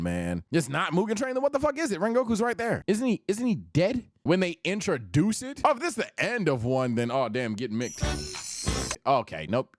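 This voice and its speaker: A young man streaming, ranking anime in loud, profane, animated casual chat. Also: a little high, dry recording, clean studio sound.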